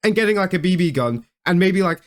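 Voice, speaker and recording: A man's voice: sits high, expressive, fast talker. A young man doing comedic reaction commentary, mocking and laughing often, with stammers and restarts. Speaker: video commentator.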